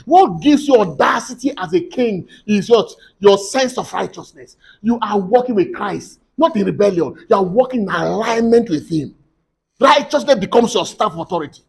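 A man preaching a sermon, fervent, moving between quiet teaching and loud prayer declarations. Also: sits high, lively intonation, normal speed, vocal fry, husky.

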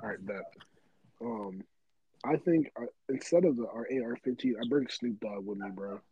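A young man with a husky, slightly higher voice that swings widely in pitch as he talks. He chats casually in slang, animated and quick to laugh. The sound is dry and close. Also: dry recording, highs cut off. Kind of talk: casual chat.

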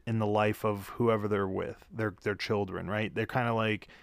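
A fairly low male voice with vocal fry speaks at normal speed in a steady tone, with no echo. After a tiring day at work, he spins a rambling, profane story as a casual monologue into a handheld studio mic with a pop filter, frequently correcting himself.

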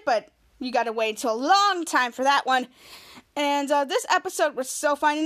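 A woman hosting a podcast, excitedly and ramblingly retelling a TV episode in a casual way. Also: very high-pitched. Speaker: podcast host.

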